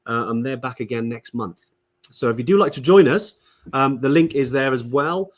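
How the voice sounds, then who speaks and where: A man from Wales co-hosting a relaxed live stream, his voice sitting at an ordinary middle pitch. He talks in a loose, chatty way, full of ums and restarts, as he greets viewers and shares tips. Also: normal speed. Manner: chatty, many fillers and restarts. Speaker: podcast co-host. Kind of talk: casual live-stream chat.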